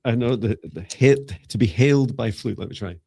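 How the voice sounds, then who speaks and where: A man's voice: mid-range voice, gravelly, warm tone, no room sound, clean studio sound. A man co-hosting a live psychic reading stream, playful and joking with his co-host in casual chat. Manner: playful and joking, with quick teasing asides.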